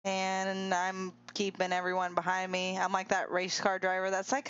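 A woman streamer giving excitable, giggly live commentary on a game race and cheering the players on. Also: mid-range voice, moderate pace, smooth, lo-fi sound.

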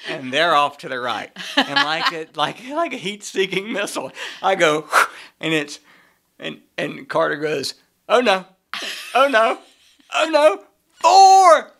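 Middle-aged male podcast co-host with a bright, forceful voice. He tells casual, lively anecdotes and laughs through them. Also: mid-range voice, vocal fry. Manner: animated, laughs often while telling a story. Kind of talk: casual storytelling.

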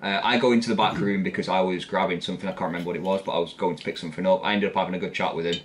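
A young man with a Northern English accent tells a story on a casual podcast. His voice sits low and deep, and he rambles along with laughs between lines. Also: fairly even intonation, rapid-fire, slight background noise. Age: young adult. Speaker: podcast co-host.

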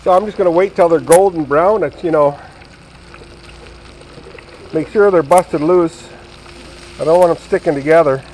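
A man's voice: on the high side, normal speed, long pauses, darkish tone, a little hiss or hum, poor audio. A retired man in his sixties chatting casually and rambling to viewers while he cooks in his home kitchen. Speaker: vlogger. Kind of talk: casual home cooking vlog.

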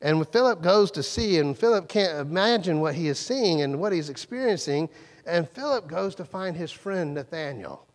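Preacher guy, kinda high voice, chatty sermon, big church echo. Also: expressive, normal speed. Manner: conversational, acts out quoted lines with pitch jumps. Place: church sanctuary. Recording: long church reverb.

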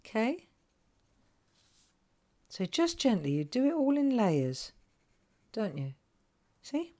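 A woman's voice: fairly high pitch, very animated, takes it slowly, warm tone. A middle-aged woman hosting a live crafting tutorial, chatting to viewers and thinking aloud as she colours. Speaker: craft host.

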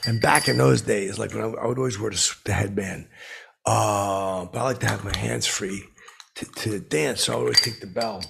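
A man telling a rambling comic anecdote, halting and full of fillers, with blustering asides. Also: fairly low pitch, steady tone, vocal fry, fairly bright tone, breathy edge. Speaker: storyteller.

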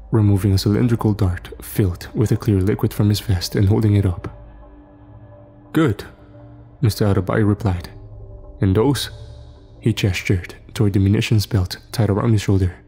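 A man narrating a scripted horror story in a steady, measured way. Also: lowish voice, creaky, slightly rough. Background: faint music.

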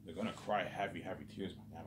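A man's voice: low voice, fairly even intonation, quick pace, noisy background. A man delivering a rambling, agitated vlog monologue, repeating "obviously" and "man" and swearing often. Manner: repetitive, peppers speech with "obviously" and "man". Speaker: vlogger.

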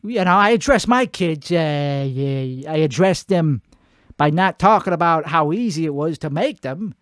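A man with a fairly high, fairly bright voice hosts a comedy show in a put-on Italian-American accent, speaking animatedly at a measured pace. Recorded at home at night with clean studio quality and no room sound, his monologue is profane, rambling, and self-mocking.

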